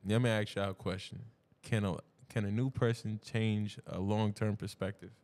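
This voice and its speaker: A man's voice: on the low side, fairly even intonation, moderate pace, darkish tone. Reflective New York man in a hall. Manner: asks questions, reflective. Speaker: podcast co-host. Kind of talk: casual chat.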